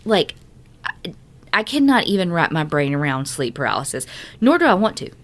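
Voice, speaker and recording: Lower-voiced woman, blunt and swearing. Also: sing-song, normal speed, fairly bright tone. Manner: emphatic, heavy swearing, fillers like "like". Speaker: podcast co-host. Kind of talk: casual chat.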